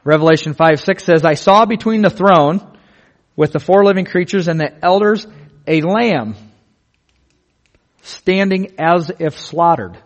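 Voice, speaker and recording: A man preaching a sermon in an earnest, vivid way, slowing down on key words. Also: fairly high pitch, expressive, lo-fi sound. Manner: earnest, vivid, slows down for emphasis.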